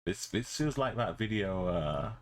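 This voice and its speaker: A man's voice: on the low side, expressive, measured pace. A man streaming live, thinking aloud as he plays and chatting casually with his viewers. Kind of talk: casual live-stream commentary while playing.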